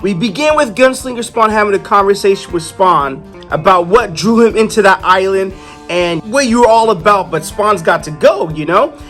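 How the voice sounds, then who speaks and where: Male comic reviewer, high pitch, animated and digressive, light music bed underneath. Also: normal speed. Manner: animated, chatty, digresses, acts out the characters. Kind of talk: casual review talk.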